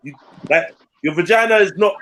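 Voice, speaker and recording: A man's voice: sits high, a little fast, a bit bright. A man, telling a story in casual, blunt, slangy podcast chat. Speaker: podcast co-host.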